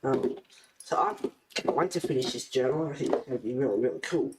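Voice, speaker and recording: A woman's voice: a bass voice, a little fast, noisy background. A woman chatting casually in a craft vlog, rambling and laughing often as she shows her work. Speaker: colouring and junk-journal vlogger. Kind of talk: casual chat showing crafts. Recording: echoey room.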